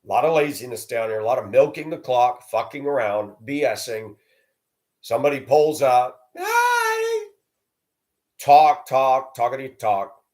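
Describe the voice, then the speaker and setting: A man's voice: mid-range voice, moderate pace, a little mellow. A man talking to the camera in a rambling personal monologue, blunt and sometimes crude. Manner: rambling, blunt, with coarse language. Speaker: vlogger.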